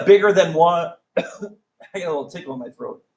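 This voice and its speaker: A man's voice: on the high side, lively intonation, moderate pace, low-quality recording. A man teaching a math class, joking around and quizzing students with countdowns. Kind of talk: classroom lesson.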